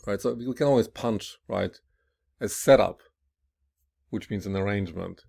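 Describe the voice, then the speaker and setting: Speaking in a mellow, lowish voice, a man explains English pronunciation rules one by one, slowly and deliberately. He keeps checking in with "right?" and pronounces word pairs aloud, stressing them clearly and emphatically.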